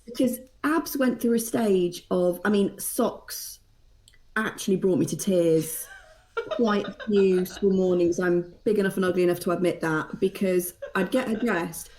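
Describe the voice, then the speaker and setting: Woman, thirties, mellow tone, chatty and self-deprecating storyteller, casual podcast chat. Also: fairly low pitch, measured pace. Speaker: mother and guest.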